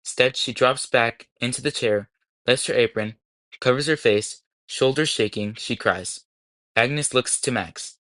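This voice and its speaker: A man reads a novel aloud in a measured, descriptive way. His voice sits at a middling pitch. The recording is close and dry, with no room sound. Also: fairly bright tone, dry recording. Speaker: audiobook narrator. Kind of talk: scripted audiobook narration.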